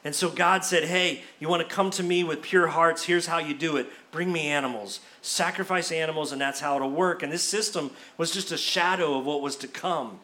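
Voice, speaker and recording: A man gives a sermon in a bright, ringing voice that sits a little high. He preaches conversationally, slipping into casual asides as he explains scripture to his congregation. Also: normal speed, hardly any pauses. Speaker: pastor.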